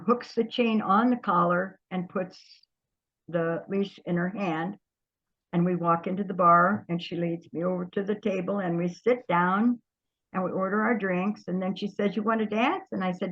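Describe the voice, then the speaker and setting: An older woman, an interview guest, telling stories from her past in a lively way, often trailing off and starting over. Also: on the low side, highs cut off. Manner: lively storyteller, trails off and restarts. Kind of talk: storytelling reminiscence.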